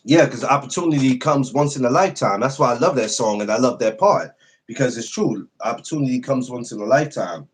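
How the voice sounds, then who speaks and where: A man's voice: medium pitch, a little fast, husky. A man hosting a casual podcast livestream, greeting viewers by name and talking loosely, with profanity and frequent laughs. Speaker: podcast host greeting live chat.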